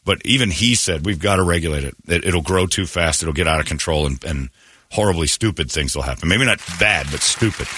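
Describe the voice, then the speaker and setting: A man hosting a morning radio show, telling stories in casual banter and slipping into quick impressions. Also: low-pitched, slightly rough. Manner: storytelling, animated, slips into impressions.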